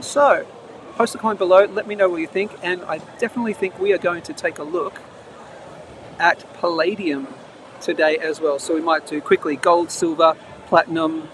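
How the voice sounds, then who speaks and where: Man, casual live-stream host, slightly high voice, reads news with asides, traffic noise behind. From Australia. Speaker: host of a live bullion market show. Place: outdoors near traffic, between trains. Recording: noisy outdoor live stream.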